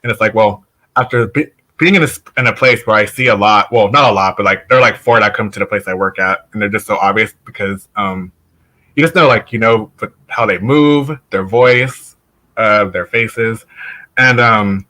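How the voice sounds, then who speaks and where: A man's voice: fairly low pitch, normal speed, bright, forceful tone. A man talking as a guest on a casual show, telling stories loosely with many fillers. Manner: chatty, lots of "like", laughs while telling stories. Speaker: podcast guest. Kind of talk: casual conversation.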